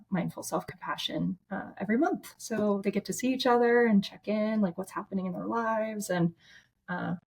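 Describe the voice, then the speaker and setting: A woman's voice: fairly low pitch, gravelly, a little mellow, breathy edge. A woman therapist, a podcast guest, telling a story casually and from the heart, with lots of "like" and restarts.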